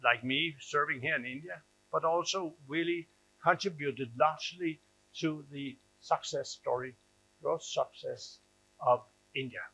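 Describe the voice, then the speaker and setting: A man's voice: on the high side, measured pace, bright, forceful tone, rough recording. An older man giving a conference speech as an ambassador, emphatic and repeating phrases for stress. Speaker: ambassador and panel speaker.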